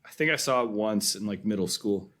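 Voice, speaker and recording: A man's voice: on the low side, fairly quick, a bit bright. A man co-hosting a film podcast, talking casually and chuckling as he recounts scenes. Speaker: podcast co-host.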